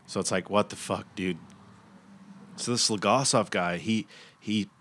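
A man's voice: lowish voice, measured pace, a bit bright, a little hiss or hum. A man giving a loose, profane recap of a TV series, acting out the characters' lines as he goes. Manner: loose, profane storytelling with acted-out quotes.

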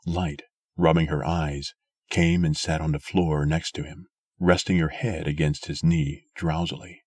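A man narrating a story aloud in a steady, measured way. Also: very deep voice, breathy edge, no echo. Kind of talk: scripted audiobook narration.

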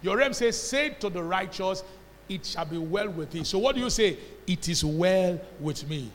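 A man's voice: high-pitched, lively intonation, moderate pace, a bit bright, a little hiss or hum. A man with a Nigerian accent preaching a sermon as pastor, emphatic and call-and-response, drawing answers from the congregation. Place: church hall. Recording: long church-hall reverb.

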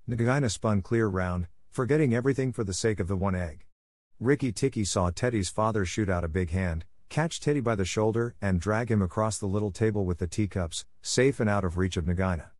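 A man narrating a classic story in a steady, clear reading for English learners. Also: on the low side, a little fast, no room sound, clean studio sound. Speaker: audiobook narrator.

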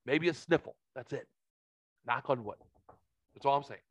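A man's voice: medium pitch, moderate pace, dry recording. A man telling a story in a casual podcast chat, profane and heated.

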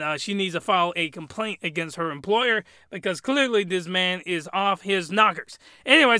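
A man's voice: high voice, bright, forceful tone, clean tone, no echo, clean studio sound. A man giving a comedic review rant, rambling and exclamatory, with loose, colloquial talk. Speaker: anime reviewer.

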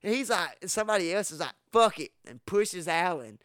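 A man from Texas, telling stories in casual podcast talk, profane and animated, acting out what people said with sudden loud jumps. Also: sits high, a little fast, no echo, clean studio sound. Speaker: podcast host. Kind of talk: casual storytelling.

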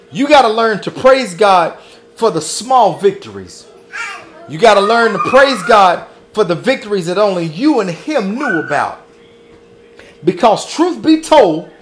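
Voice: medium pitch, slight background noise. Pastor preaching with fervor, repeating refrains, calling the congregation "baby", voice rising and falling widely. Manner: calls listeners "baby", folksy asides. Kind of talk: sermon.

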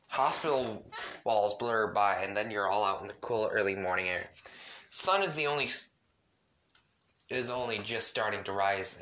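A man's voice: lowish voice, pushed and bright. A man reading a second-person fan story at home, his voice shaky from the cold, with stumbles and chatty asides. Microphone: home mic, cold room.

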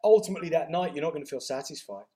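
In a casual interview chat, a male guest who writes about health and owns a retreat tells stories with energy and animation. He restarts frequently and laughs a lot. His voice is a little high and very fast.

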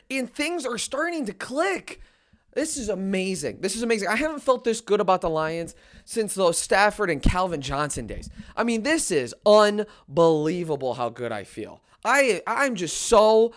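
A man who runs a sports channel, ranting as an excited fan and swinging between loud cheering and low muttering. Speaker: sports YouTuber.

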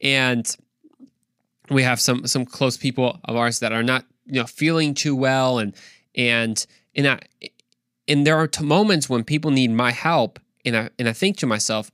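A young man gives an informal devotional talk in a mid-range voice. He is animated and slangy and drops in quick asides. The sound is close and dry, with no room around it. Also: medium pitch, no room sound. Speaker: podcast preacher.

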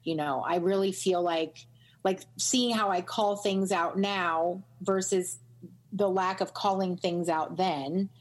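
Podcast co-host, woman; husky voice, mid-range pitch, blunt and affirming, casual profanity. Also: steady tone, slow. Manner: emphatic, profane, affirming, ranting. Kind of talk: candid casual chat.

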